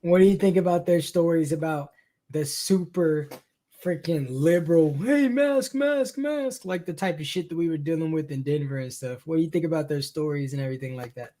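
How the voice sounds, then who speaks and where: Casual man asking a question, mellow. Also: fairly high pitch, steady tone, fairly quick. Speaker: reaction show host.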